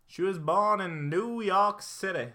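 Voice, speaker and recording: Bright-voiced joking male podcast host. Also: high voice, unhurried. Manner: joking, rambling, with fillers. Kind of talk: casual chat.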